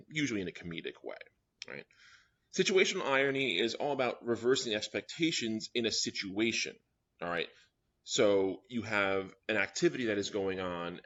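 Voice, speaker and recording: A man with a lowish, bright voice lectures a young writers' class, walking through each point and checking in with "all right?" after each one. The recording sounds dull and lo-fi. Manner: explains step by step, often checking in with "all right?". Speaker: writing workshop teacher.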